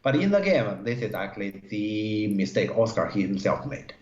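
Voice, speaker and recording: Halting man reviewing go games. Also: fairly low pitch, sing-song, darkish tone. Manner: halting, many fillers, broken English grammar. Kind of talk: live-stream game review. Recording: roomy, dull stream audio.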